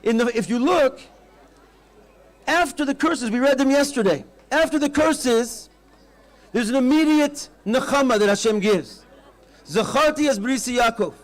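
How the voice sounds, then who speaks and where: Speaking at an outdoor festival, a male rabbi tells stories in an animated address peppered with Hebrew terms. His voice is very high-pitched.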